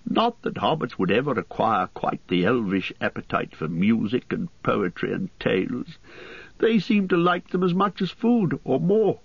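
A man voicing an old, chatty male hobbit poet who talks briskly, recorded dry and slightly muffled. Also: mid-range voice, big pitch swings, creaky, slightly rough, no room sound, full character voice.

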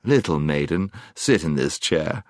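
With a very deep, expressive voice at a measured pace, a man plays a hearty, courtly knight in an audiobook, laughing boastfully in a grandiose mood. The studio-quality recording has no echo.

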